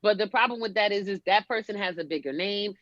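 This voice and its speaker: A woman stand-up comedian in casual chat, telling animated stories and acting out the voices of the people she quotes. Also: mid-range voice, quick pace, dry recording. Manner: animated storytelling, acts out quotes. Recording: dull lo-fi sound.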